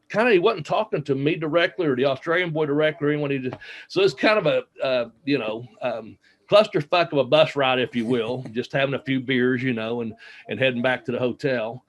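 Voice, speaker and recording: A man's voice: mid-range voice, lively intonation, a little fast. A man, a former wrestler, telling rambling road stories in a casual interview, full of fillers and laughter. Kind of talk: casual storytelling. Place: home, smart speaker nearby.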